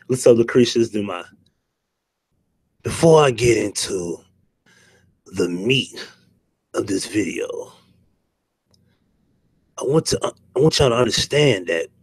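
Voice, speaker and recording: Male livestream host, animated and profane, talks close to a dry mic. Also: lowish voice, unhurried, long pauses, breathy edge, dry recording. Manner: profane, joking banter, greets chatters. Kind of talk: casual livestream commentary.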